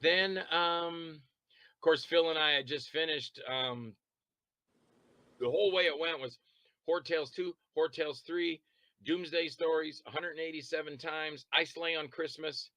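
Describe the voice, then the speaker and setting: A man chatting as an interview guest, telling long rambling stories about making films, quick to laugh and to act out what others said. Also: a little high, pushed and bright, no echo, low-quality recording. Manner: rambling anecdotal storytelling. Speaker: interview guest, independent filmmaker and actor. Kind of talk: casual interview chat.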